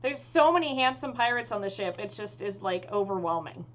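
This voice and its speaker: A woman's voice: mid-range voice, expressive, fairly quick, a little hiss or hum. A woman as dungeon master, narrating a tabletop game and often laughing.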